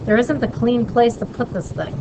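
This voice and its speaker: Woman instructor, casual lesson, chatty, quick check-in questions, noisy background. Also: a little high. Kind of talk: casual screen-recorded lesson.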